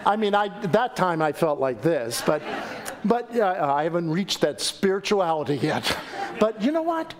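A male pastor preaching a sermon in church, jokey and animated, acting out quotes. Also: normal speed, crowd noise. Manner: animated, jokey, acts out quotes with big pitch swings. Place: church sanctuary.

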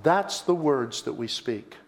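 A man's voice: medium pitch, animated, unhurried, gravelly. A male pastor preaching a sermon, telling a story with dramatic emphasis and repetition and calling his listeners folks.

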